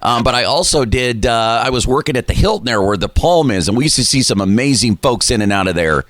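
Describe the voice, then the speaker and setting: A man's voice: mid-range voice, lively intonation, fast talker, fairly bright tone, no room sound. A man hosting a radio interview, talking in an easygoing way with many fillers. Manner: easygoing, filler-heavy patter. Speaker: radio show host.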